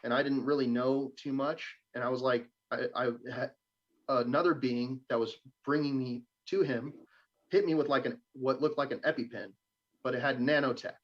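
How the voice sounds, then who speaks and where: A man's voice: medium pitch, moderate pace. A young man, a guest on a live stream, casually telling a story, swearing a lot and acting out the voices he quotes. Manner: profane, animated, acts out quoted voices. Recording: dull lo-fi stream audio.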